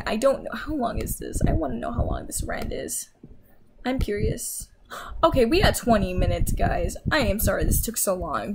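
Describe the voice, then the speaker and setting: A woman's voice: medium pitch, vocal fry, breathy edge. Rambling, tired young woman ranting. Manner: rambling, with fillers and self-corrections. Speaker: YouTuber ranting. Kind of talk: casual unscripted rant. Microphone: laptop mic.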